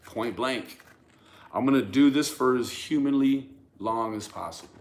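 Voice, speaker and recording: A man's voice: mid-range voice, a little slow. A man hosting a casual commentary rant for his channel, speaking emphatically, often stammering and repeating words as he addresses viewers and critics directly. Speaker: YouTube true crime commentator.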